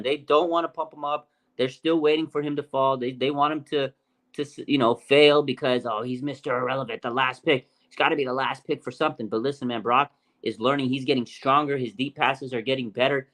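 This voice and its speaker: A man hosting a fan show, giving an energetic, emphatic sports talk monologue that repeats phrases and swings from low remarks to loud outbursts. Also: poor audio.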